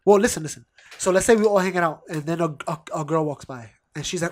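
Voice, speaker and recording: Man, casual podcast chat, slightly high pitch, goofy storyteller, laughs a lot. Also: fast. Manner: loose storytelling, acts out quotes in silly voices; laughs often. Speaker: podcast co-host. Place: home basement studio.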